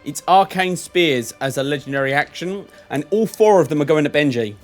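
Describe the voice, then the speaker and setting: A young man acting as game master, narrating a tabletop game in a lively, chatty way. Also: a little high, fairly quick, over loud music.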